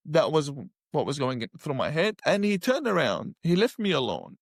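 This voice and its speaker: A man's voice: fairly high pitch, sing-song, moderate pace, dry recording, studio quality. A middle-aged man, telling a personal story with emphasis and acting out what he once said. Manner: emphatic, acts out his own past words. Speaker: guest telling his conversion story.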